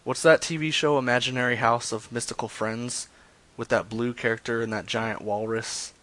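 A man's voice: medium pitch, steady tone, moderate pace, a bit bright. A man hosting a stream of prank phone calls, talking in a crude, joking way and trailing off into mumbles. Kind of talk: casual rambling chat with prank calls.

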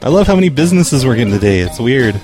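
A man's voice: medium pitch, big pitch swings, very fast, music in the background. Guy prank calling, stutters a bunch, acts all hurt, voice goes up and down a lot. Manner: stammering, mock-hurt, whiny complaints. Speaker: prank caller. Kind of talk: prank phone call.

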